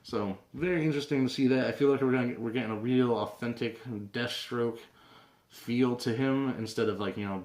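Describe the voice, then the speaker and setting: A man's voice: fairly low pitch, darkish tone. A young man hosting a casual comic book review vlog, rambling with lots of fillers and restarts. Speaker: comic book video host. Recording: roomy echo.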